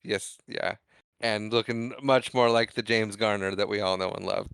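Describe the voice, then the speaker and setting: A man's voice: lowish voice, steady tone, normal speed, gravelly, a bit bright, clear, resonant tone, no room sound. A man co-hosting a podcast, retelling film scenes in casual chat and acting out the lines. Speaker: podcast co-host.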